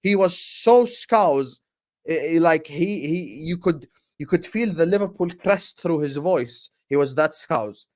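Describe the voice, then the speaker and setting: A man hosting a fan livestream in an animated, fired-up rant, his voice sitting a little higher than most men's. He talks passionately to his chat and stumbles over repeated words when he gets going. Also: measured pace. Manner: passionate, fired-up, shouting out viewers. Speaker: football fan channel host.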